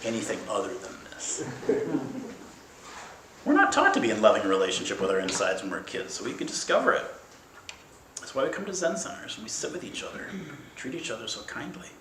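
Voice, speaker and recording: A man giving a playful, emphatic dharma talk as a Zen teacher, swinging between loud bursts and soft, slow passages. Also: fairly low pitch, huge pitch swings, a little hiss or hum. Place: meditation hall at a Zen center. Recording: roomy hall with faint ambience.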